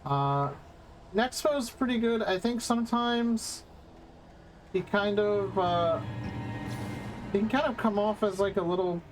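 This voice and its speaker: A man's voice: sits high, unhurried, long pauses, music in the background. A male streamer giving casual gaming commentary, rambling and profane with lots of fillers.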